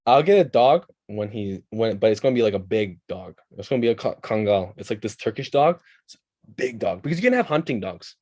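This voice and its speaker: A young man from Canada, a podcast guest chatting casually and telling animated stories with quick asides. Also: on the low side, dry recording. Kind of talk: casual chat.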